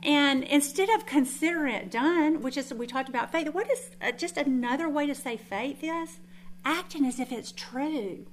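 A woman's voice: sits high, moderate pace, a little hiss or hum. A woman, telling stories in a chatty, self-deprecating way while teaching a group. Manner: chatty, self-deprecating storytelling with frequent restarts. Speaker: Bible teacher. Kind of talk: informal sermon to a group.

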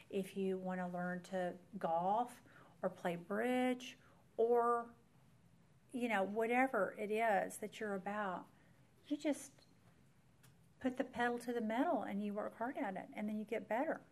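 A woman, earnestly telling a personal faith story to an audience as a Bible teacher. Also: medium pitch. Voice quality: earnest storyteller who speaks straight to the audience. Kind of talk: personal faith testimony talk.

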